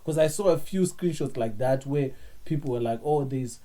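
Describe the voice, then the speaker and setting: A man in a casual podcast chat, animated and often repeating words as he talks. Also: mid-range voice, normal speed.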